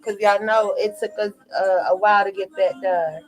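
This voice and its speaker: A woman in a relaxed, chatty mood runs a live tarot stream, her voice sitting at a middle pitch. She laughs easily and drifts between gossip and readings. Soft music plays behind her. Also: normal speed, poor audio. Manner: laughs often, animated and chatty. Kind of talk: casual live-stream chat.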